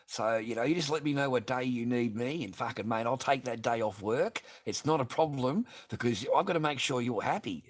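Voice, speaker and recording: A man's voice: medium pitch, fairly quick. A middle-aged man chatting casually on a livestream while making masks, ranting and swearing with bursts of laughter. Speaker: livestreaming mask artist.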